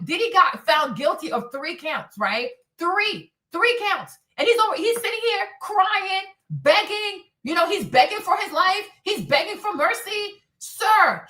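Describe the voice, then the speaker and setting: A woman with a high, sharp voice rants through a live-stream commentary, swearing hard and pressing her audience for agreement again and again. She sounds set back from the mic in a roomy, echoing space. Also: recorded from a distance. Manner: profane, emphatic, keeps asking "right?".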